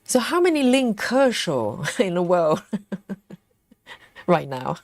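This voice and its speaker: A woman's voice: on the low side, big pitch swings, slow pace, dry recording. Playful woman hosting a live chat. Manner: playful, laughs often, teasing. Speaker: live stream host. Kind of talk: casual chat reading viewer comments.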